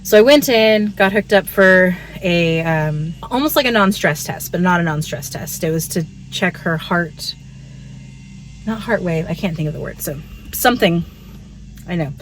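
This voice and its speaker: Woman, thirties, low voice, chatty, faint background hiss. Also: normal speed. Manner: chatty and candid, frequent "like" fillers. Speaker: vlogger. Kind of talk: casual pregnancy update vlog.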